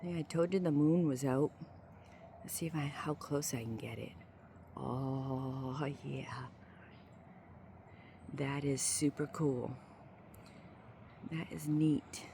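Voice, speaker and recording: A woman rambles along in an unhurried, low voice while walking a small-town street. She fills her talk with ums and likes, now and then dropping to a hush. The phone's mic catches her outdoors with faint ambient noise behind her. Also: gravelly. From Maine. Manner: rambling, filler-heavy, sometimes hushed. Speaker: vlogger. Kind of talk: casual walking vlog.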